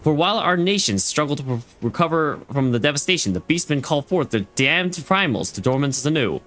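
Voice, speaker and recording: A man's voice: fairly high pitch, big pitch swings, brisk, fairly bright tone, faint music behind. A man reading as a stern war-weary admiral. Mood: solemn. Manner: stumbling over names and lines. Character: stern female fleet admiral recounting war. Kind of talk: reading game dialogue aloud.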